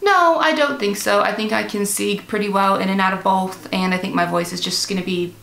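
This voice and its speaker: Bright, gravelly Midwestern woman vlogging. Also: mid-range voice, a little fast, roomy sound. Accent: Michigan Midwestern American, partly drifting British. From Michigan, USA. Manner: chatty and self-amused, laughing often, many ums. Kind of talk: casual chat to camera. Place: at home.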